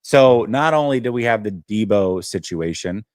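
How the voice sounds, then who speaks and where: A man hosting a casual sports talk show, telling a story with lots of fillers and animated detail. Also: lowish voice, normal speed, dry recording, clean studio sound. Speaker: host.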